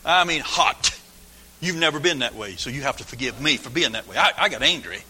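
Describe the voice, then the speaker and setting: An older man preaching a folksy sermon, swinging from hushed asides to shouted lines in a church. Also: medium pitch, animated, a little fast, breathy edge. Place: church sanctuary. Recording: long hall reverb.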